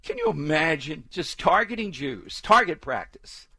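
A talk radio host with a slightly high voice, hammering his points home through repetition. He speaks in an emphatic, opinionated monologue, recorded on a dry, close studio mic. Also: sing-song, measured pace, sharp tone, husky, no room sound. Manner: emphatic, repetitive, mocking chants with exaggerated inflection.

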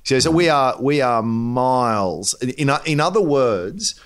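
A man's voice: mid-range voice, animated, measured pace. An Australian man co-hosting a finance podcast, talking casually and thinking aloud with many restarts and repeated words. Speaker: podcast co-host. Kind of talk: casual chat.

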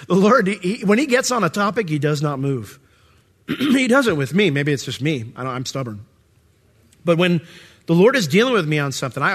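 A man's voice: on the high side, fairly bright tone, in a large hall. A middle-aged male pastor preaching a sermon in a conversational way, acting out the voices of God and of ordinary listeners. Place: church sanctuary.

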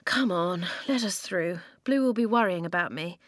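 A woman's voice: on the low side, dry recording, studio quality, lightly acted. A woman voicing an impulsive, rule-breaking boy who sighs and apologizes, then speaks up boldly. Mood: earnest. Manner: apologetic, quick, sighing.

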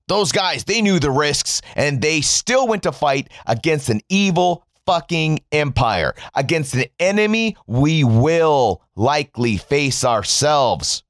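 A man's voice: a little high, lively intonation, slow pace, few pauses, no echo, studio quality. A man giving a sarcastic, mocking political rant, emphatic and swearing freely. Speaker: commentator.

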